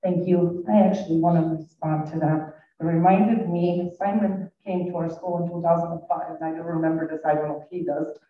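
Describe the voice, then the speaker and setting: A man's voice: on the high side, fairly even intonation, brisk. A middle-aged man with a foreign accent, a school staff member responding at a community forum in a personal, rambling storytelling way. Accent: foreign accent, non-native English. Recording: echoey hall, distant dull mic.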